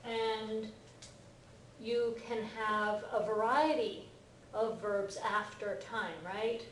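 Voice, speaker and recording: A woman's voice: fairly high pitch, fairly even intonation, very slow, a little hiss or hum. A woman teaching a grammar lesson in a classroom, patiently checking that the class follows with frequent "right?" and "okay?". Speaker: Japanese language teacher. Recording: echoey classroom from far off.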